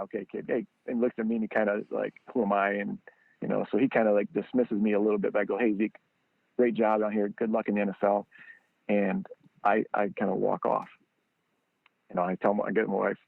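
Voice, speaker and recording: Gravelly man on a tinny line. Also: no echo. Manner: acts out quoted people with sudden high jumps in pitch. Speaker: guest, training football founder. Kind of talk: animated storytelling. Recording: dry, tinny phone-line sound.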